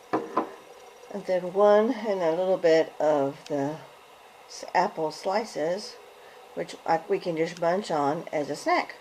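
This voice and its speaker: A woman's voice: on the low side, a little hiss or hum, rough recording. A woman chatting casually through a home cooking how-to, homey and loose, often correcting herself as she goes, recorded at home. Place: home kitchen and dining room.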